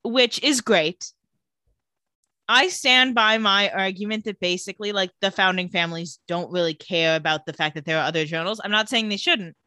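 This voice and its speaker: A woman's voice: medium pitch, moderate pace, bright, forceful tone, no room sound. A young woman co-hosting a podcast, chatting playfully as she recaps a TV episode. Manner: chatty, playful, laughs easily. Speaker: podcast co-host. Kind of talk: casual chat recapping a TV episode.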